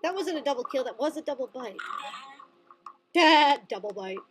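A woman giving gaming commentary as a let's player, gleeful and excitable, with squeals and cackling. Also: high voice, normal speed, a little hiss or hum.

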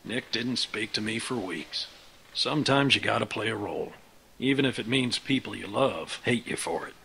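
An actor playing a gruff, grizzled uncle who leads a band of survivors in a game, blunt and commanding. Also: male voice, on the low side, normal speed, sharp tone, a little hiss or hum, low-quality recording. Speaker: video game character. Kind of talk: game dialogue.

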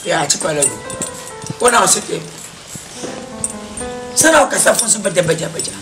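A hot-tempered, high-voiced haggler. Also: male voice, animated, brisk, music in the background. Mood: angry. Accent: Ghanaian. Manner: shouting, insistent, repeats himself. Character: hot-tempered man haggling over his car. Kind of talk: film drama acting.

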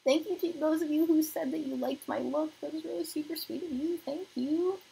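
A young woman hosting a beauty livestream from her apartment, chatting casually while doing her makeup and reading viewer comments aloud, sometimes dropping to a soft murmur. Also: high-pitched, fairly quick, gravelly, rough recording. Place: home apartment.

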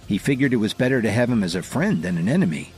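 A man narrating a dramatic audio story in a scripted, expressive manner. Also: fairly low pitch, fast talker, faint music behind.

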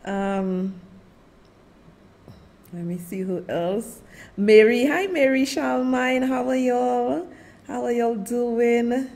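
A woman's voice: on the high side, takes it slowly, vocal fry, pauses often, a little mellow. Chatty Saint Lucian woman host. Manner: chatty, calls viewers darling and names them one by one. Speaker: show host. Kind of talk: casual livestream chat with viewer shout-outs.

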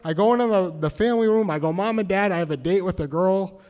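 A man from New Hampshire telling a story on stage, nervous and halting, with many restarts. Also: sits high, darkish tone. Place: cultural center hall, live audience.

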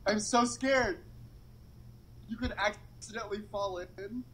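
Young male vlogger, high voice, nervous and flustered, swearing and rambling outside by a fountain. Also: slow pace, a bit bright, slight background noise, poor audio. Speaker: vlogger doing a dare. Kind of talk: casual vlog to camera. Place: outdoors by a public fountain.

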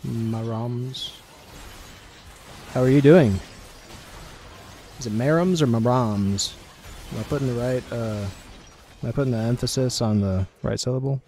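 A man's voice: mid-range voice, a little fast, pauses often, warm tone, slight background noise. A man thinking aloud and muttering casual commentary while he plays a video game, swearing at setbacks. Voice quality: gravelly. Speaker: gameplay streamer.

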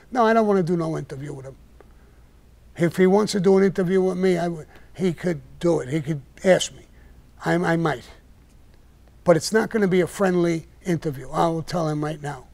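A man's voice: fairly high pitch, a little mellow. Blunt, profane older man. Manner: blunt, profane, heated when ranting. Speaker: podcast host telling stories. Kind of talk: casual storytelling on a live stream.

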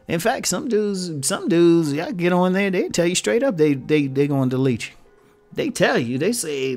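A man's voice: high-pitched, darkish tone. A man hosting his own video channel, talking casually to his audience, laughing often and posing rhetorical questions. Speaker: YouTube host addressing viewers. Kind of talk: casual talking-head commentary.

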